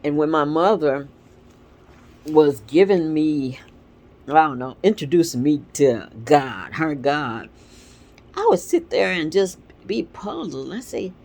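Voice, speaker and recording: Sex: woman. Style: casual vlog reflection. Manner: earnest and rambling, pitch rising and falling a lot. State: stuffy sinuses. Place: home. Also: takes it slowly. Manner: earnest, rambling, animated storytelling. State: congested sinuses. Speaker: vlog host. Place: at home with a dog nearby.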